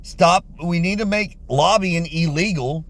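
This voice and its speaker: A man rants in a heated, blunt voice, swearing freely as he vents. His voice sits a little high for a man. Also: measured pace, fairly bright tone. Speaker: vlogger. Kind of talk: angry political rant to camera.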